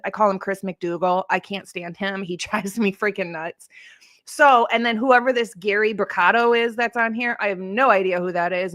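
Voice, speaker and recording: A woman's voice: a little high, fairly bright tone, dry recording, clean studio sound. A woman hosting a casual true crime livestream, chatting in a rambling way and answering comments from her live chat. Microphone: streaming setup.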